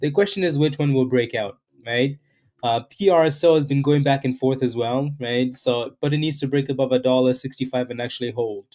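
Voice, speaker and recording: A man hosts a live day-trading stream, talking fairly quickly in a warm, medium-pitched voice. He chats loosely through market commentary, greets viewers, and ends lines with "right?"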